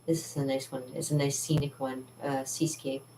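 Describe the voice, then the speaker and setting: A woman's voice: a bass voice, level tone, normal speed, mellow, distant mic, slight background noise. Chatty woman painter, roomy studio. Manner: chatty, rambling, laughs often. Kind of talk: casual studio vlog. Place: art studio indoors. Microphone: camera mic, moving around the room.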